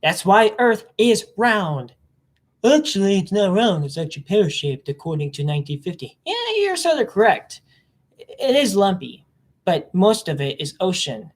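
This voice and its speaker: A vlogger talking in a casual, rambling monologue, hopping between topics, the voice jumping up in pitch when excited. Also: normal speed. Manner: mimics other people in silly voices.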